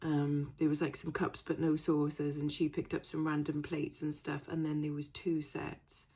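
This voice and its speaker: A woman's voice: deep voice, completely flat delivery, normal speed, dark tone, slightly rough. A young woman chatting casually to camera in a rambling vlog, full of fillers and asides. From Wales. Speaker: resale vlogger.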